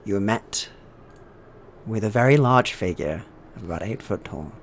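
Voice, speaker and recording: A man narrating a horror tabletop game as game master, with slow, atmospheric description. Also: on the low side, expressive, a little hiss or hum.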